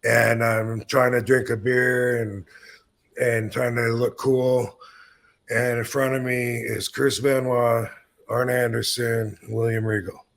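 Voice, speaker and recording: A man's voice: mid-range voice, flat delivery, takes it slowly, gravelly, a bit bright, a little hiss or hum. A man in his fifties telling a long, rambling story in casual chat, swearing freely and laid-back. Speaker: podcast host telling stories.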